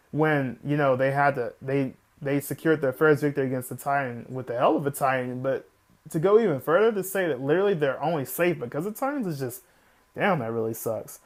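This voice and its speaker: A man with a slightly high voice reviews an anime episode in a loose, excitable ramble. He keeps circling back with "literally" and drops the odd swear word as he gets worked up. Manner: swears casually.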